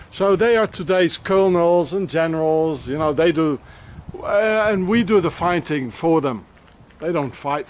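A man's voice: fairly high pitch, a little hiss or hum. A man rambling on a walk-and-talk travel vlog outdoors in a town, with many fillers and restarts. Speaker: travel vlogger.

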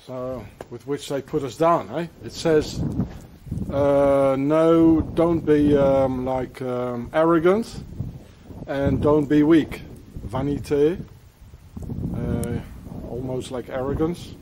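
Outdoors with a handheld camera mic, a male travel vlogger meanders through a forest castle-ruins tour, tossing out slang and muttered comments. His medium-pitched voice takes its time, and background noise comes through.

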